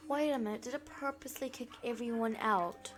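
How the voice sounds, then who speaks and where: A woman's voice: on the high side, brisk, over music. A woman hosting a gaming channel, giving playful, dramatic let's-play commentary while role-playing, dropping to whispers and bursting into panicked screams.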